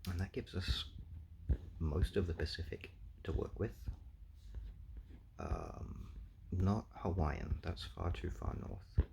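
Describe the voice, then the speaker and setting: A man's voice: low voice, wildly swooping pitch, takes it slowly, gravelly, long pauses, background noise. A man thinking aloud through a language guessing game, explaining sounds with many ums and uhs. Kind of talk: casual explanatory commentary.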